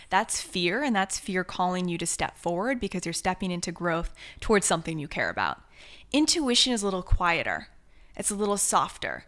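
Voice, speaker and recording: A woman's voice: fairly low pitch, fairly quick. A young adult woman, an author and coach, talking earnestly and reflectively as a podcast guest. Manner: earnest, reflective, animated when quoting herself. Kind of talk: conversational interview.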